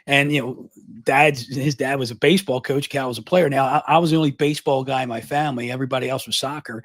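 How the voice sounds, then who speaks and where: A middle-aged man from Baltimore, a guest on a live interview, telling a long story at high speed, often repeating words and restarting. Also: no room sound. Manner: fast, energetic, long-winded storytelling.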